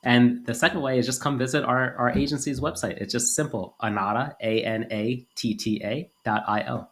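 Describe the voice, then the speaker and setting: A man's voice: medium pitch, fairly even intonation, moderate pace, a bit bright. A man speaking as a guest on a business podcast, explaining ideas conversationally with plenty of "like" and "you know" fillers. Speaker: podcast guest, agency founder. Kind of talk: casual interview.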